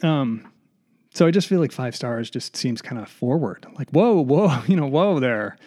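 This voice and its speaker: A man's voice: mid-range voice, expressive, measured pace, dark tone. A man hosting a solo comedy podcast, rambling and self-deprecating, slightly out of breath. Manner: self-deprecating, digressive, mock voices. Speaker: podcast host. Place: basement room.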